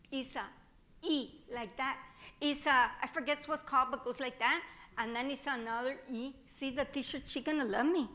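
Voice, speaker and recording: In a high, somewhat bright voice, a woman performs a one-woman theatre monologue as a spirited Mexican-American girl just starting first grade. She's chatty and childlike, with a Mexican-American accent and bits of Spanish mixed in.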